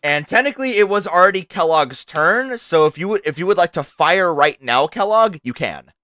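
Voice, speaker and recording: Young male game master, slightly high, bright tone, loose and excitable with some swearing. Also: normal speed, no room sound. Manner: casual, swears, excitable descriptions. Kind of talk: running a tabletop game on stream.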